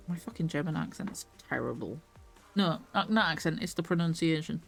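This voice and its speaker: A woman's voice: deep voice, normal speed, soft background music. A woman streamer chatting and swearing casually as she plays a video game live. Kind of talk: live gameplay commentary.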